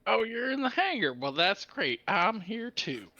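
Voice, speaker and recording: A man's voice: high-pitched, very animated, measured pace, bright, forceful tone, no room sound, exaggerated voice. A man voicing a folksy, laid-back male adventurer in a tabletop game, with a casual drawl. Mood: easygoing. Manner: folksy drawl, says "feller". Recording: dull, lo-fi mic.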